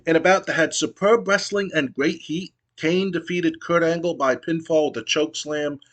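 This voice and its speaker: A man's voice: on the high side, normal speed, a bit bright. Casual man narrating a game. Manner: rambling, with many fillers. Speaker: gamer playing a wrestling sim. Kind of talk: casual let's-play narration.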